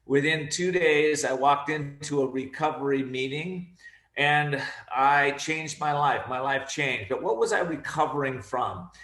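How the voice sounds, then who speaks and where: A man giving an energetic, emphatic motivational talk on a video call, repeating his key phrases. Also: a little high, measured pace, roomy sound. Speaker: guest speaker.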